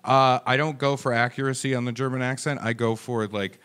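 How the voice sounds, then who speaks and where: A man's voice: mid-range voice, fairly even intonation, fairly quick, fairly bright tone, smooth. An American man co-hosting a comedy podcast, joking, swearing and laughing often. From United States. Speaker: podcast co-host. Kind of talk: casual comedy chat.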